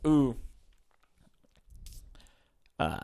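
A man's voice: drawn-out words, dark tone. A man co-hosting a podcast in casual chat, easygoing and thinking aloud as he talks. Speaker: podcast co-host.

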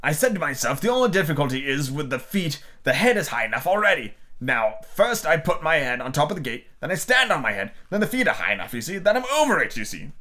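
Storybook figure: grave, rambling knight-inventor, read by a man, raised pitch, animated. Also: quick pace, few pauses. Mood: earnest. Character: bumbling solemn male knight inventor.

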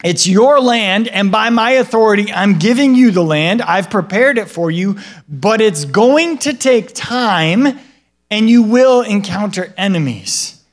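A pastor with a high voice delivers a sermon in an expressive, conversational style at a measured pace. He asks the listeners questions, tags lines with "right?", and acts out what God and other people say in a livelier voice.

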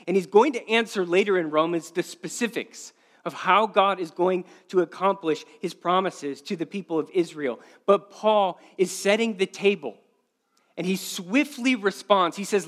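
A male pastor preaching a sermon, earnest and repeating key phrases for emphasis, often slowing to a quiet stress. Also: sits high.

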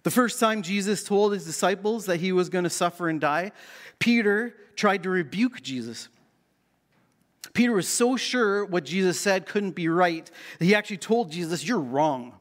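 A man's voice: sits high, moderate pace. A middle-aged man from Canada preaching a sermon as pastor, playful and self-mocking as he tells the story.

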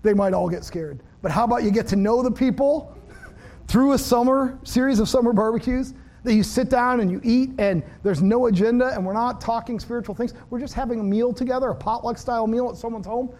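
A middle-aged man with a notably high voice preaches in an easy, conversational way. He acts out little dialogues with a friend as he talks to his congregation. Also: a little fast, a little mellow. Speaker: pastor. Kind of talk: sermon.

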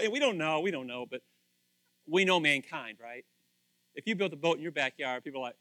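A man preaching a casual sermon, animated and acting out little scenes with different voices. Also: on the high side, fast, dry recording.

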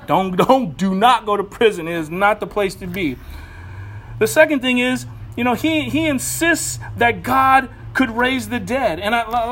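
A man preaching a sermon in a lively, conversational way, full of humor and asides. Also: high-pitched, slight background noise. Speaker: pastor.

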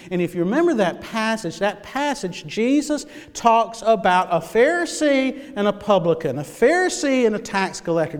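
A male pastor preaching a sermon, swinging between loud emphasis and hushed, near-whispered lines. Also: high-pitched, long reverb tail.

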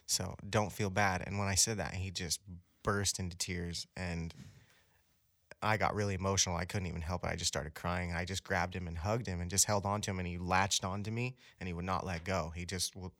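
A man's voice: low-pitched, fairly even intonation, a little fast, fairly bright tone, no room sound, clean studio sound. A man earnestly recounting an emotional experience in casual conversation, restarting his sentences often.

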